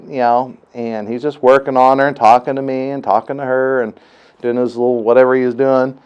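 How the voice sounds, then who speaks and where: A dad telling his own story, smooth voice. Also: medium pitch, little pitch movement, fairly quick, a little mellow. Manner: rambling, many fillers, retells others' words. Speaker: father giving a testimonial. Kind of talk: casual personal storytelling.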